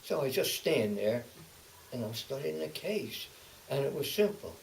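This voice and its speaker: A man's voice: mid-range voice, animated, gravelly, recorded from a distance, low-quality recording. Brief: old man in his eighties, oral-history storyteller, stop-start delivery, mic set back with faint hiss. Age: 80s. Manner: halting, repeats words and restarts, then speeds up. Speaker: interviewee, veteran. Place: home, indoors.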